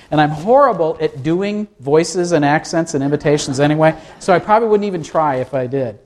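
A man's voice: on the high side, a little fast, hardly any pauses. A man preaching a sermon in a conversational way, asking his listeners rhetorical questions. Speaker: pastor.

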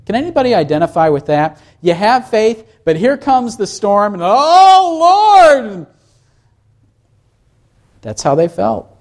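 A man's voice: high voice, lively intonation, moderate pace, a little mellow. Preaching man asking the congregation questions. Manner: asks the congregation questions, reads scripture aloud. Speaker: pastor. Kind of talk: sermon.

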